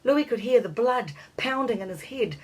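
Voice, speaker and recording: A woman narrating a children's storybook in a measured, expressive reading voice. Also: a little high, slightly rough, low-quality recording.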